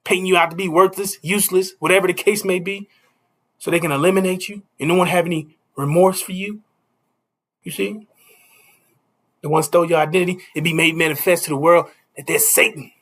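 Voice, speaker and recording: Man preaching, kinda high voice, bright and forceful, keeps going "you see?". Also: steady tone, fairly quick. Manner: preachy, repeats "you see?", chuckles between points. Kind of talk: street sermon.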